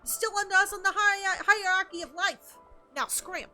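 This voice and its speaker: A woman voicing a brash older male gangster boss, reading game dialogue aloud with bossy, gruff wisecracks. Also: very high voice, steady tone, moderate pace, pushed and bright, soft background music, voice pushed up, full character voice.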